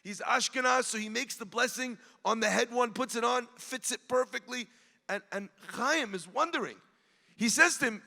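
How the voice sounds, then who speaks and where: A man, giving an emotional sermon as a rabbi and telling a story to the crowd, swelling and dropping to a hush. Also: high voice, moderate pace, creaky. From United States (New Jersey). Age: 40s. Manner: earnest, addresses the crowd directly, swells and drops to a hush. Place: large event hall. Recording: long hall reverb.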